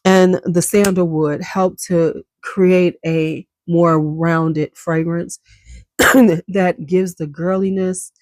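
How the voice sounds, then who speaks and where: A woman's voice: lowish voice, steady tone, extremely slow, a little mellow, dry recording, studio quality. A woman giving a casual, enthusiastic perfume review, chatty and full of slang, coughing now and then. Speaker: beauty vlogger.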